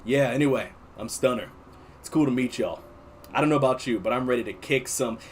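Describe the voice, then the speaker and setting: A man's voice: mid-range voice, a little fast, a little hiss or hum, natural voice. A man voicing a big, friendly young male superhero who talks in a laid-back, easygoing way.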